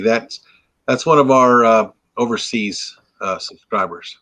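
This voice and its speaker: A man's voice: fairly low pitch, moderate pace, pushed and bright, no room sound. A tired man hosting a casual late-night live stream from home on a laptop mic, chatting and greeting viewers. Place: home, indoors. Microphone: laptop microphone.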